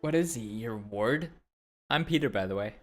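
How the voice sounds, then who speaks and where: A man's voice: medium pitch, animated, moderate pace, soft background music. A man giving playful reaction commentary while playing a game, joking, swearing and mimicking characters. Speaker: gaming streamer.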